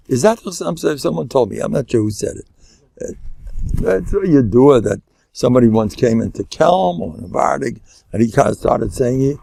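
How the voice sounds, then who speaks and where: Older rabbi with a gravelly voice. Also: male voice, medium pitch, expressive, normal speed, dark tone, no echo. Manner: joking, sprinkles Yiddish and Hebrew terms. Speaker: rabbi teaching a class. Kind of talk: live lecture to an audience.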